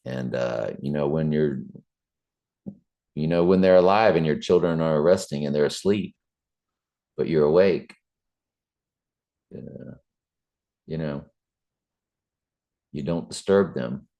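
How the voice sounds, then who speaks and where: A man's voice: a bass voice, slow, pauses often, mellow, dull audio. A middle-aged man, talking in an earnest, preachy way with fillers and restarts. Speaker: Bible study channel host. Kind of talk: casual spoken reflection.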